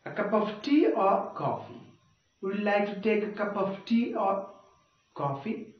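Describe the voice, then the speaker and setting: A man's voice: high voice, very animated, a little slow. A male teacher giving a grammar lecture, repeating points and checking with "okay?" and "you got it?". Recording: dull, echoey, far from mic.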